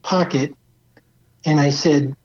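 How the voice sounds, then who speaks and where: A man's voice: on the high side, slow pace. Anecdotal man on a dull lo-fi track. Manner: relaxed anecdotal storyteller, often uses "you know". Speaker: former truck program leader as guest. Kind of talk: casual storytelling.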